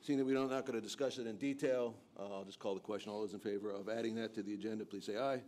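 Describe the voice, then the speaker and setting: A man with a nasal, congested voice from a cold, chairing a board meeting with brisk procedural phrasing. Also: on the low side, fairly even intonation, a little mellow. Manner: brisk parliamentary phrasing with frequent fillers. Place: meeting room.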